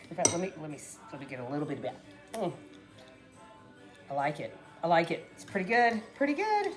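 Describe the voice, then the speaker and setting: A middle-aged woman chatting casually to her viewers while making a salad, rambling and often trailing off mid-sentence. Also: lowish voice. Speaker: cooking vlogger. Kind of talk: casual cooking chat to camera.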